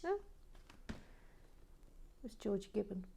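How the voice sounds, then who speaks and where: A woman hosting a relaxing toy-brick build video, talking gently and often dropping into whispers with playful asides. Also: medium pitch, sing-song, takes it slowly, gravelly, slight background noise. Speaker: Lego build channel host. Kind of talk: soft-spoken relaxing build commentary.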